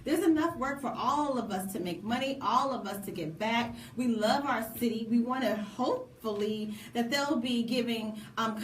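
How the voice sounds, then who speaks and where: A woman co-hosting a casual radio talk show, speaking in a lively, preachy way with laughing asides. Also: a little high, a little hiss or hum. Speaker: co-host. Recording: echoey room from a distant mic.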